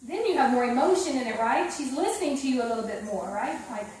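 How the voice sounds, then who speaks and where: A woman's voice: high-pitched, expressive, fast talker, a little mellow, slight background noise. A woman giving a one-on-one piano lesson, singing counts aloud and coaxing her pupil along with frequent check-ins. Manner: sings counts and rhythms aloud while explaining; upbeat and coaxing, checks in with "okay?". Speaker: piano teacher. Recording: echoey room, far from the mic. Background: piano playing.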